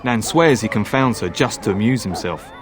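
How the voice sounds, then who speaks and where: A man's voice: fairly low pitch, lively intonation, moderate pace, a crowd in the background, close to an everyday voice. A man voicing an earnest young castle knight in a fan dub, formal and courteous. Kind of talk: fan voice acting over a game.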